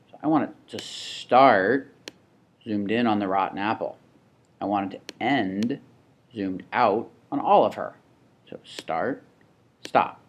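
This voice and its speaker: Casual low-voiced man walking through software steps. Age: adult with a child. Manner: casual, thinking aloud, with restarts and asides. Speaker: teacher demonstrating software. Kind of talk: screen-recorded tutorial.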